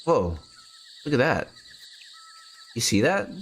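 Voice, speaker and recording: A man's voice: mid-range voice, very animated, slow, slight background noise. A man streaming a video game, chatting casually and joking with his viewers as he plays. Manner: playful, joking, chats to viewers. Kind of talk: casual gameplay commentary.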